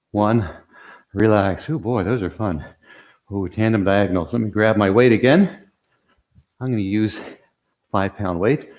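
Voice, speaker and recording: An older man coaching a workout at an unhurried pace, his voice sitting fairly low. He demonstrates each move as he explains it, counts down the reps and keeps cheering listeners on with small jokes. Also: darkish tone. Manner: encouraging, counts reps, cues breathing, light jokes; talks while demonstrating the exercises. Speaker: exercise coach. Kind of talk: guided workout instruction.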